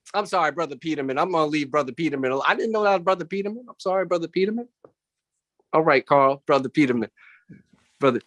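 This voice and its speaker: A man doing animated stand-up comedy over a video call from home, jumping into voices of family and coworkers. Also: fairly high pitch, no room sound, studio quality. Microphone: computer mic on a video call.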